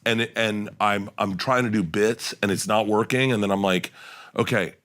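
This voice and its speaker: A man's voice: fairly low pitch, normal speed. A middle-aged man, a comedian guest, telling casual podcast stories and acting out the people in them. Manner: animated storyteller acting out quotes.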